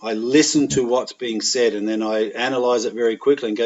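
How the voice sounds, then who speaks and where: A man's voice: medium pitch, fairly even intonation, a little fast, hardly any pauses, darkish tone. An Australian man speaking as a podcast guest, telling frank, plain-spoken anecdotes in a candid, conversational way. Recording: dull lo-fi audio.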